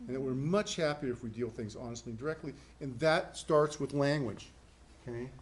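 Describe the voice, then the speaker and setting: A middle-aged man lecturing a college class in a conversational way, repeating himself and acting out quick voices. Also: mid-range voice. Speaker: professor. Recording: echoey classroom with faint noise.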